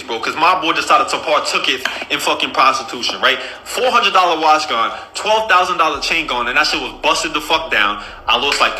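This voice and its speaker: A man on a podcast telling a comic story in a casual, profane, animated way. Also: a little high, echoey room, poor audio. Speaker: podcast host.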